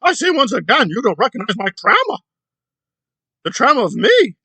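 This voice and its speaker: A man's voice: very high-pitched, huge pitch swings, moderate pace, bright, forceful tone, slightly rough, dry recording, voice pushed up, exaggerated voice. A man putting on a melodramatic, sobbing woman's voice to mock her. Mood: wailing. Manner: exaggerated sobbing and moaning. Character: shrill wailing mocked woman, melodramatic.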